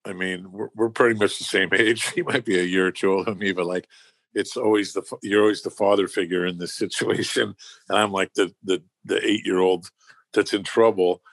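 A man's voice: low-pitched, steady tone, fairly quick, creaky, a bit bright, no room sound. A man telling a story in casual chat, rambling and swearing freely with lots of fillers.

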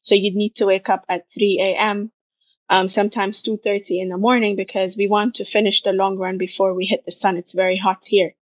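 A woman speaks as a guest in a relaxed interview, animated and repeating her points for emphasis. Her voice sits at an ordinary middle pitch. The recording is close and dry, with no room sound. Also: a little fast, no room sound. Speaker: podcast guest, marathon runner. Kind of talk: conversational interview.

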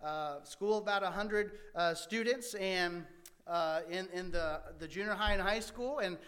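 A man with a slightly high voice tells a personal story from his past. He talks earnestly and haltingly, full of fillers and restarts. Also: fairly bright tone. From American Midwest. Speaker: speaker sharing his life story.

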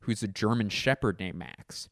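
A man's voice: on the low side, normal speed, a bit bright, no room sound, studio quality. A man in his forties, a comedian hosting a podcast, telling a rambling, profane, self-deprecating story. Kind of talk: casual storytelling monologue.

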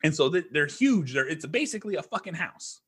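A man's voice: a little high, very animated, fairly quick, fairly bright tone, slightly rough. A man who is a podcast guest, telling a rambling, profane story in casual chat.

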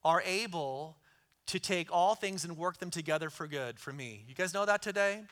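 A man's voice: sits high, normal speed, a bit bright. A middle-aged man preaching a sermon in an earnest way, repeating key lines for emphasis. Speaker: pastor.

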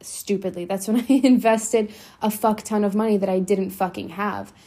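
A woman's voice: medium pitch, fairly even intonation, normal speed, warm tone. A young adult woman hosting a motivational solo podcast, talking bluntly and swearing freely for emphasis. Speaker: podcast host.

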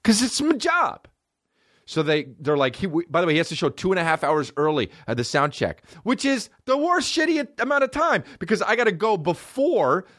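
A male comedian and podcast host telling a profane, animated personal story in casual chat. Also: sits high, a little fast, hardly any pauses, no room sound, clean studio sound.

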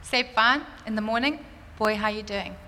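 A woman telling a church congregation a personal testimony, animated and fervent, laughing often. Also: fairly high pitch, moderate pace, slight background noise. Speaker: church speaker sharing a testimony. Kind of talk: sermon testimony. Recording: roomy church hall reverb, faint ambience.

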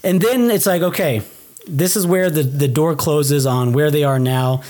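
Here a male co-host speaks at normal speed in a voice on the high side. He's recapping a TV episode on a podcast in a casual way, bringing it to life by acting out what the characters say.

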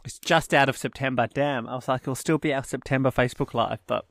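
A man co-hosting a podcast, chatting casually with rambling enthusiasm. His mid-pitched voice has a gravelly edge. The recording is close and dry. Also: fairly even intonation, quick pace, a bit bright, no echo. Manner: enthusiastic, rambling, laughs often. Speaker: podcast co-host. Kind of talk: casual travel podcast chat.

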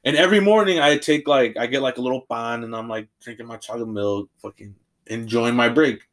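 A young man co-hosting a podcast, telling a story in animated casual chat and swearing freely. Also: medium pitch, brisk. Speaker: podcast co-host.

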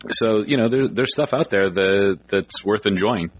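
A man's voice: lowish voice, moderate pace, no room sound, lo-fi sound. A man hosting a podcast, talking in an easygoing casual way and often adding short agreements. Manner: easygoing, frequent brief agreements. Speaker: podcast host.

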